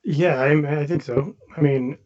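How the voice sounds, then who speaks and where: A man co-hosting a casual podcast, giving his opinions in a halting way with frequent restarts. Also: on the high side, steady tone, darkish tone, highs cut off. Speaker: podcast co-host.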